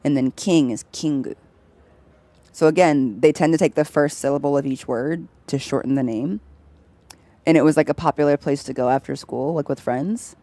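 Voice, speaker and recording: In a low, mellow voice at a moderate pace, a young woman chats casually while streaming a game. She laughs often as she explains and mimics voices when telling anecdotes, and the recording is dry.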